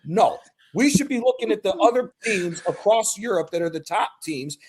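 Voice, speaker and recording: High-voiced man ranting angrily. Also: expressive, moderate pace, a little mellow, slightly rough. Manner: angry, swears constantly, blunt. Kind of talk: heated call-in football rant.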